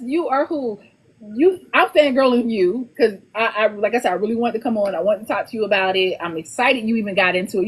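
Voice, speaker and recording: A woman author talking casually on a podcast, animated and laughing often, repeating words as she gets going. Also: on the high side, breathy edge. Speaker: author guest.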